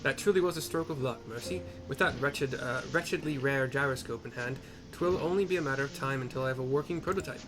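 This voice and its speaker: A man voicing an excitable male noble inventor who speaks in formal, theatrical, archaic phrasing. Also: medium pitch, fast, natural voice.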